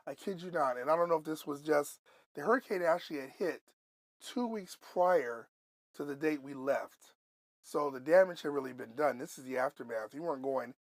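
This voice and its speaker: A man from Buffalo, New York telling a story on a podcast, animated and loose, swearing and going off on asides. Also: a little high, vocal fry, no room sound. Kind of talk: casual storytelling.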